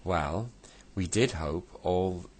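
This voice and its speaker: A man voicing a sweet, pretty female doll in a high doll's voice, polite and gentle. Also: slow.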